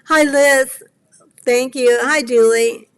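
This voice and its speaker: A woman's voice: high-pitched, steady tone, takes it slowly, clear, resonant tone. A woman in her seventies hosting a cardmaking livestream, chatting with viewers, apologetic and rambling, close to tears. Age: 70s. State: near tears. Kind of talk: casual chat with live viewers.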